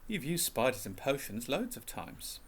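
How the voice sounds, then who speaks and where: A man voicing a clever, earnest schoolgirl who talks in a brisk way. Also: medium pitch, very animated, slightly rough, voice pushed up.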